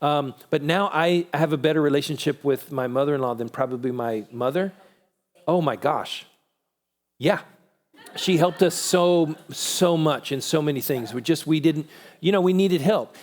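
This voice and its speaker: A middle-aged man speaking casually at a parenting conference, relaxed and conversational, answering questions from the room. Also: fairly high pitch, normal speed. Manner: relaxed and conversational, many restarts.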